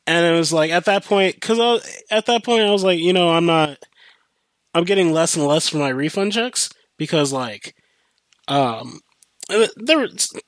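A man's voice: a little high, no room sound. Profane young man ranting casually. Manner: animated, profane, rambling with restarts. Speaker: podcast host. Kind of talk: casual storytelling rant.

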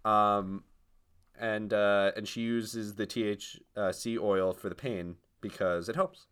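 A young man co-hosting a podcast, making dry deadpan jokes and hesitating with ums as he explains things. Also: fairly low pitch, slow, smooth. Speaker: podcast co-host. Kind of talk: casual comedic chat.

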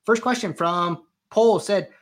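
A man hosting a live question-and-answer show, explaining software settings in a conversational way with frequent fillers. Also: high-pitched, unhurried. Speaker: host answering viewer questions. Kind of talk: live Q&A tutorial, walking through software.

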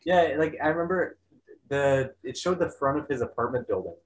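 A young man chatting casually, animated and laughing, full of "like" fillers. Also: mid-range voice, moderate pace, a little hiss or hum, low-quality recording. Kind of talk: casual chat.

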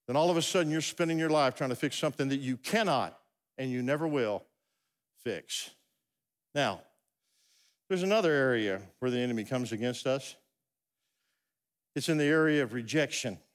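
A middle-aged man preaching a sermon, telling a comic story with asides and stumbling restarts. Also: fairly high pitch. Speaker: pastor. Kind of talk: humorous sermon. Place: large church hall. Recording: long hall reverb.

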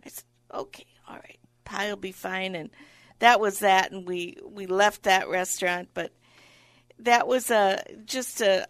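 A woman guest on a radio show telling a travel story with lively acted-out dialogue. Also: medium pitch, vocal fry, smooth, dry recording. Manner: animated storyteller acting out the people in her stories. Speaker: guest speaker. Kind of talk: casual storytelling in an interview.

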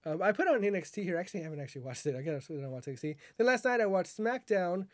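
A man's voice: high voice, big pitch swings, very fast, no room sound, studio quality. A man co-hosting a casual podcast chat, rambling and correcting himself as he talks. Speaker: podcast co-host.

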